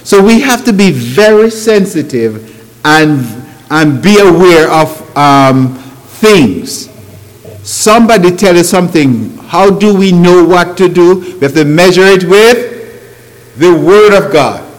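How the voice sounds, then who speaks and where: A man delivers a sermon at an unhurried pace with a lively, swooping pitch that sits somewhat high for a man. He pushes his points with rhetorical questions and grammar. His voice rings with the long echo of a large hall. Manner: non-native grammar, emphatic rising phrases and rhetorical questions. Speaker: preacher.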